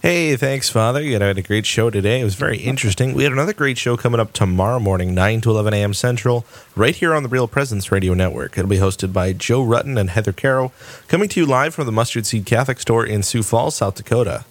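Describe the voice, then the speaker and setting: A male radio co-host reading the upcoming show lineup in an upbeat, brisk announcer style. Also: medium pitch, no room sound.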